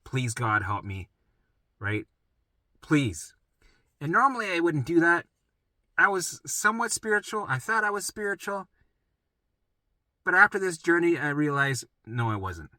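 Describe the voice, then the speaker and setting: A middle-aged man telling his own story in a rambling, profane, animated way, often asking "right?" and jumping into acted voices. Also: normal speed, long pauses, dry recording. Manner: acts out his own past voices in sudden pitch jumps. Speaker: vlogger sharing his recovery story. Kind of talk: casual storytelling monologue.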